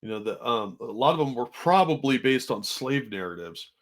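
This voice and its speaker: A man co-hosting a casual stream chat, explaining his views in a steady, opinionated way. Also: mid-range voice, normal speed.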